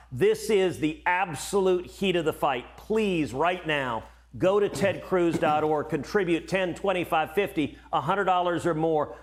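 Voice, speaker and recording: Middle-aged male senator guest, higher-pitched, emphatic, stumbles on repeated openers. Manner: emphatic, repeats words when starting sentences. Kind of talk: cable news interview.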